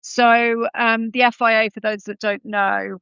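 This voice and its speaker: A woman's voice: fairly high pitch, flat delivery, a little slow, a bit bright, clear, resonant tone, no room sound, muffled recording. A woman in her thirties, a podcast guest, telling her story in a conversational way with frequent ums and self-corrections.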